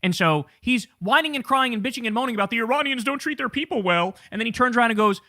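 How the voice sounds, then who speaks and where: A man's voice sits high and sounds bright and sharp as he rants through political commentary, swearing freely and mocking his targets with sarcasm. The sound is dry and close, with no room around it. He talks like a seasoned host tearing into a clip. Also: expressive, fast talker, few pauses, dry recording. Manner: profane, sarcastic ranting.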